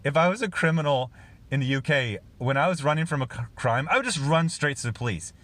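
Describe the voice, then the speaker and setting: A man's voice: on the high side, expressive, fast, a bit bright. A man casually reviewing a film on his own channel, rambling with lots of fillers and restarts and chuckling as he talks.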